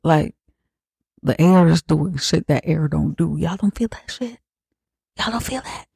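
A man's voice: on the high side, steady tone, slow, gravelly, mellow, slightly rough, no echo, studio quality, exaggerated voice. A man doing a panicking teenage son. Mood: panicked. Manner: panicky, disbelieving questions.

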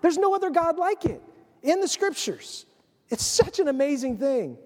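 A man preaching a sermon with animated storytelling, acting out the voices of the people in his stories. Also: very high-pitched, normal speed. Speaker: pastor. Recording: long hall reverb.

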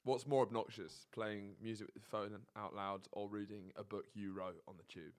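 A young man with a fairly low voice co-hosts a relaxed comedy chat. He builds mock-serious rants and laughs easily at his own jokes. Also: normal speed. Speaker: podcast co-host.

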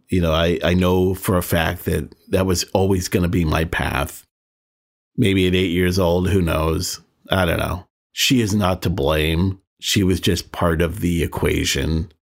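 A podcast host in his sixties tells a personal story candidly and self-deprecatingly, chuckling as the memories come back. His voice is low and creaky.

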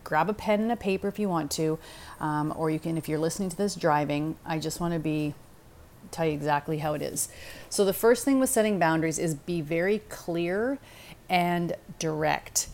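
This podcast host is a middle-aged woman whose voice sits slightly low and a little mellow, at a normal speed. She gives casual advice straight to the listener in a direct, chatty way, regularly checking in with "okay?" and "right?"

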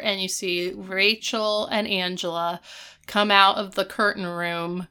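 A woman co-hosting a casual recap chat, retelling scenes in an animated way. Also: a little slow, clean tone. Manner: animated retelling, jumps into high voices for quotes. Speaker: podcast co-host.

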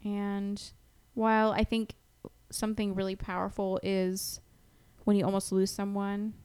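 A playful woman co-hosting a casual podcast, talking at an easygoing middle pitch. Her chat is relaxed and friendly, and she laughs often with her co-host. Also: unhurried, smooth.

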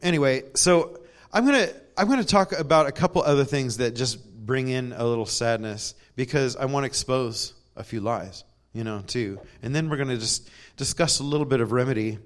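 A man's voice: mid-range voice, fairly quick. A man giving a conversational sermon in a church, telling stories with self-deprecating humor and laughs. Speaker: preacher.

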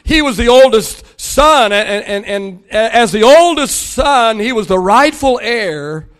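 Slow and very high-voiced, an older man preaches as a pastor. He recounts family stories and plays out the dialogue with increasing excitement.

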